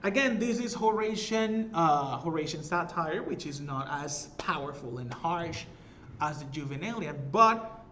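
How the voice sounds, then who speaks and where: A man's voice: a little high, animated, a little slow, noisy background. A man teaching a recorded literature lesson, explaining step by step, often checking in with "all right?" and correcting himself as he goes. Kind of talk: recorded class lecture.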